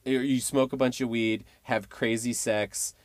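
Podcast host, relaxed, very unhurried, dry close sound. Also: medium pitch, dry recording. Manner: slow, easygoing, laughs often. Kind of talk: podcast interview.

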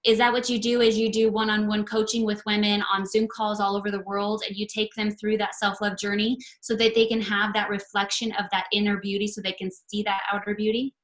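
A woman's voice: mid-range voice, flat delivery, brisk, few pauses, fairly bright tone. A woman hosting a casual interview, encouraging and affirming as she talks to her guest. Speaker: podcast host, interviewer. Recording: echoey room.

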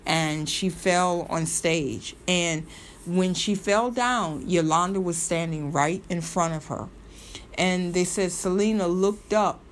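A woman's voice: fairly low pitch, slight background noise. Rambling, chatty woman telling a story. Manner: rambling, full of ums and repeated phrases; animated and emphatic, slips into mimicry. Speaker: video host. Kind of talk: casual storytelling commentary.

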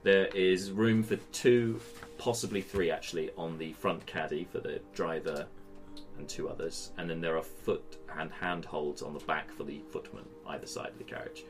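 Low-voiced man running a tabletop game. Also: steady tone, over music. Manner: halting, full of fillers and restarts. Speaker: game master.

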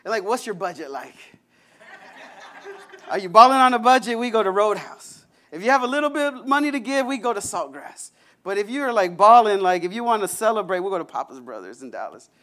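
High-voiced animated young preacher. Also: male voice, brisk. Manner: conversational, animated, acts out prayers and chatter. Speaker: pastor. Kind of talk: sermon.

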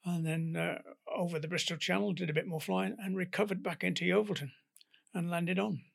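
An older British man, a guest in an interview, telling animated stories and acting out their dialogue. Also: sits high, fairly quick, creaky. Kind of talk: anecdotal storytelling in an interview.

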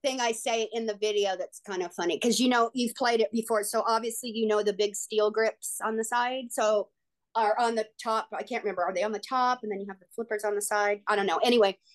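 A woman, an actress and guest on an interview show, telling stories in an excitable, gushing way. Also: mid-range voice, a little fast. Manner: excitable, gushing, frequent "like" and "oh my God". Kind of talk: casual interview storytelling.

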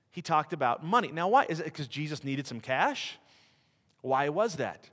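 Speaking at normal speed with a slightly high, sing-song, somewhat bright voice, this middle-aged man delivers a missionary sermon. His storytelling is chatty and self-deprecating, recorded with the long echo of a church hall.

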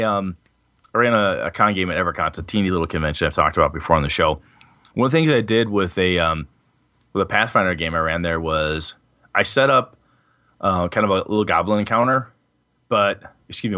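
A man's voice: deep voice, bright, forceful tone. A man hosting a casual tabletop gaming podcast, rambling and correcting himself as he talks, with casual swearing. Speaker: podcast host and game master.

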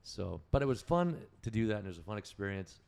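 A man's voice: on the low side, sing-song, fast, vocal fry, a little mellow, clean tone. A man telling stories as a podcast guest in casual chat, rambling, profane and correcting himself as he goes.

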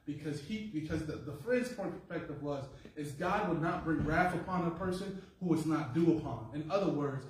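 A man's voice: on the high side, moderate pace, few pauses, slight background noise. A man preaching a sermon in a church, in a conversational style with call-and-response and rising emphasis. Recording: echoey room, mic far off.

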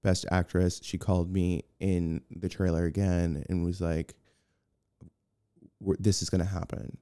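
A male guest, a film personal assistant, rambles through a long story in a casual interview, restarting repeatedly and imitating others' voices. He speaks at a measured pace in a low, dark, clean voice with flat delivery, captured in a dry, clean studio recording.

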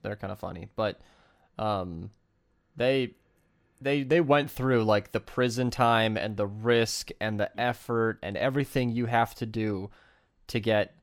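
A man chatting casually as a podcast co-host, rambling and animated, laughing often and swearing. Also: on the low side, a little slow. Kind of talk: casual chat.

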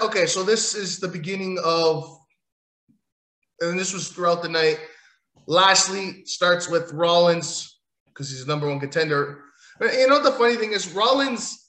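A man's voice: a little high, bright, forceful tone. A man giving a rambling, sarcastic, profane recap of a wrestling show. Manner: sarcastic, rambling, swears often. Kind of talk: casual profane rant recap. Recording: echoey room.

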